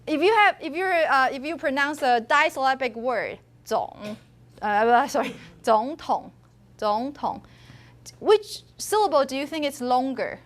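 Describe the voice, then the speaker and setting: Woman teaching phonetics, high voice, mixes english and mandarin, sings out tones to show them. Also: expressive, measured pace. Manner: switches between English and Mandarin, demonstrates tones aloud. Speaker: university phonetics lecturer. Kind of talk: classroom lecture. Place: university classroom.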